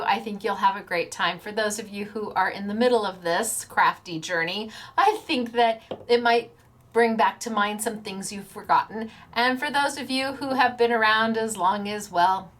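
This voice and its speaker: A woman with a medium-pitched, slightly bright voice hosts a paper-crafting show at a moderate pace. Her casual livestream is bubbly and chatty, full of laughter and little quotes she acts out.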